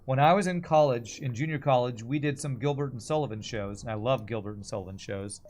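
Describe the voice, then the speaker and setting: A Texan man in his forties with an American accent speaks fairly quickly in a medium-pitched, slightly mellow voice, with slight background noise and faint game music. As a game streamer, he rambles chattily through casual commentary and reads chat aloud.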